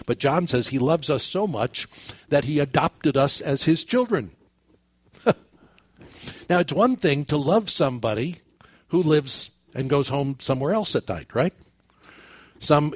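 A man's voice: on the high side, breathy edge, dry recording. An older man, a pastor, preaching a sermon and telling a story with quoted dialogue and repeated phrases.

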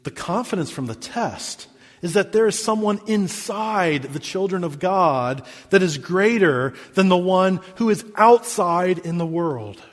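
A man preaching a sermon as pastor, reading scripture and stressing key words, with sharp swings between loud emphasis and quiet drops. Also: animated, measured pace, long reverb tail. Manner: emphatic preaching with big swings in pitch and volume.

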